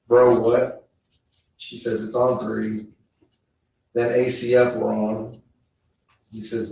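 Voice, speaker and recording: A man on the witness stand reading text messages aloud in a slow, measured way. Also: mid-range voice, slight background noise. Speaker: trial witness. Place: courtroom. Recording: echoey courtroom feed, distant mic.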